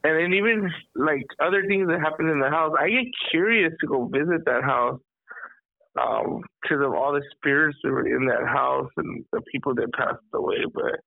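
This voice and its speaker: A man hosting a podcast, telling a rambling story in a casual, animated way. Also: fairly high pitch, normal speed, vocal fry, no room sound. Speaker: podcast host. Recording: thin phone-like sound, dry.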